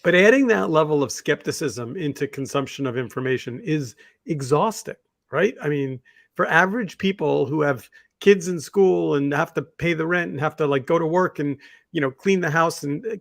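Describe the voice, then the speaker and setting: A man's voice: fairly high pitch, vocal fry, no room sound. A man co-hosting a podcast, telling reflective, rambling stories with many fillers. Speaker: podcast co-host. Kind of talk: casual discussion.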